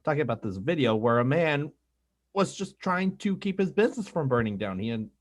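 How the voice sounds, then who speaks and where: A man's voice: on the high side, sing-song, fairly quick. A man co-hosting a political discussion podcast, telling stories in a casual, indignant way. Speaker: podcast co-host.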